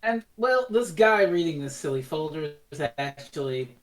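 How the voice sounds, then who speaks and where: Low-voiced woman chatting casually. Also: normal speed. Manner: animated storytelling, swears freely. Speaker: podcast co-host. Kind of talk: casual review chat.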